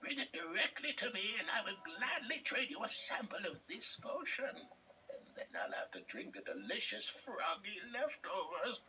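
A man's voice: high voice, very animated, moderate pace, pushed and bright, far from the mic, faint music behind, exaggerated voice. An actor playing a fussy, greedy middle-aged male potion seller in a game, with a theatrical, whiny manner. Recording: game audio, voice set back.

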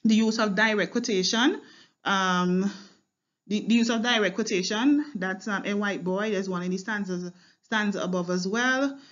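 A woman's voice: mid-range voice, normal speed, a bit bright, highs cut off. A woman teaching a line-by-line poetry analysis lesson, explaining as she goes with fillers and frequent "right?" and "okay?" checks.

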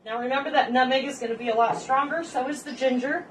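A woman's voice: high-pitched, fast. Rambling cooking show lady in her home kitchen, jokey asides, mic kinda far off, light hum behind. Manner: chatty, rambling, joking asides to viewers. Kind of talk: casual cooking demonstration. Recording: distant mic with faint background noise.

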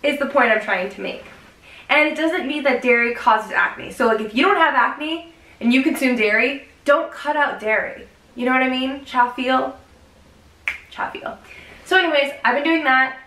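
A young woman talks to her camera in a loose, chatty vlog, tossing in "like" every few words. Her voice sits a bit high and sounds bright and forward. The room around her rings with a noticeable echo. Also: moderate pace. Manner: chatty and expressive, many "like" fillers. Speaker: vlogger.

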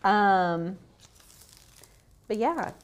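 A woman co-hosting a craft lesson, keeping things light and upbeat with quick bursts of praise and practical tips. Her voice rests at a middle pitch for a woman, with an easy, conversational tone. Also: lively intonation, clean tone, lo-fi sound. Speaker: co-host. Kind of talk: casual chat.

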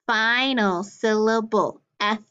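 A woman teaching a phonics lesson to children, spelling out letters and sounds clearly and praising often. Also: on the high side, takes it slowly, sharp tone. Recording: dull lo-fi recording.

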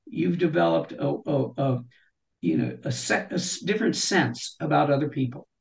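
A woman's voice: deep voice, moderate pace, gravelly, poor audio. A woman speaking as a guest in a conversational interview, reflective and explaining her ideas through everyday examples. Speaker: guest on a leadership talk show.

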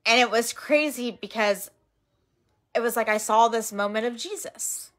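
A woman's voice: a little high, moderate pace. A woman casually recounting her outreach stories, earnest and emotional, acting out what people said to her. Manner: earnest, emotional, retells quotes in lively voices. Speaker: missionary sharing outreach stories. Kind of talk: casual storytelling chat.

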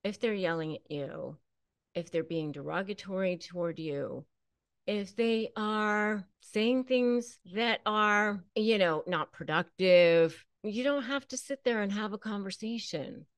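A woman's voice: mid-range voice, a little slow, smooth, no room sound. A woman attorney and channel host giving direct advice to camera, emphatic and repeating key phrases for stress.

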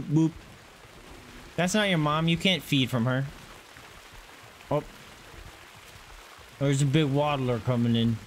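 Excitable man coos at game animals. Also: medium pitch, a little hiss or hum. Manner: mutters to himself while clicking through menus. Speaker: gaming channel host. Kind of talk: playthrough commentary.

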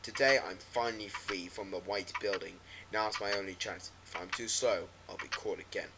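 A man voicing a paranoid, despairing middle-aged aunt in a hushed, low voice, over a noisy recording with clicks and ticking. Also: normal speed, gravelly. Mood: hopeless.

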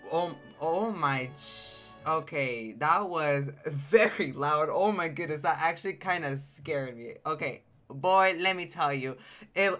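A young man chatting casually and playfully as the host of a game livestream, quick to exclaim and joke. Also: on the high side, bright, forceful tone. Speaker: game streamer.

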